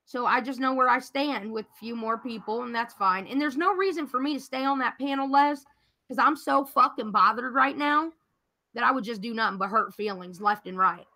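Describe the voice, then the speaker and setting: A woman's voice: a little high, moderate pace, sharp tone. A woman venting angrily and profanely in a casual livestream chat. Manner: profane, heated, ranting. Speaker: livestream guest.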